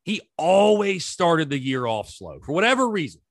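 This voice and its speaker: Guy hosting a sports podcast, bouncy pitch that jumps around a lot, slightly high voice, dry close sound. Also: moderate pace, no room sound. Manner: animated, conversational, talks straight to listeners. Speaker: podcast host. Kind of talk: solo sports podcast talk.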